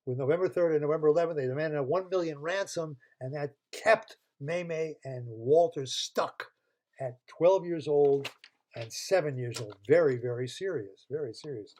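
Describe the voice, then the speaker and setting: An older man's fairly high, slightly mellow voice comes through a computer mic on a video call, with a little hiss or hum. He's improvising a children's story and playfully pausing to test listeners with multiple-choice questions.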